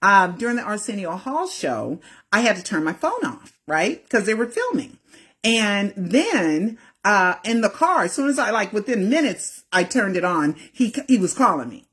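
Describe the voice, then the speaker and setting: Woman journalist just chatting a story out, kinda husky, lots of "right?" and "okay". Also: medium pitch, big pitch swings, normal speed, a bit bright. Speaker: independent journalist. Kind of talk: casual first-person storytelling.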